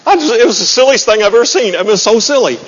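A man's voice: very high voice, expressive, quick pace. A man preaching a sermon in a church, folksy, joking and self-deprecating. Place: church sanctuary. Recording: muffled, with long hall reverb.

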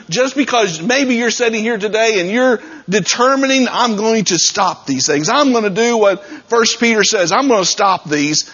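A pastor man delivers a sermon in a conversational, direct way, with a husky voice pitched a little high. He talks plainly to his congregation. The recording is dull and lo-fi. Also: fairly bright tone.

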